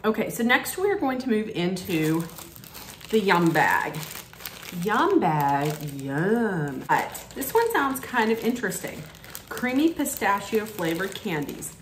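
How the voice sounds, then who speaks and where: A woman's voice: medium pitch, sing-song, takes it slowly, a little hiss or hum. A woman casually unboxing and taste-testing snacks for her vlog, chatty and candid, thinking aloud as she goes. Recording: roomy echo.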